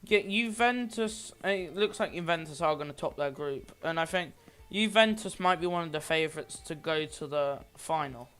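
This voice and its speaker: A man's voice: fairly high pitch, moderate pace, few pauses, fairly bright tone, clear, resonant tone, faint music behind. A man giving amateur play-by-play commentary on a football match, rambling a little and often restarting or correcting himself.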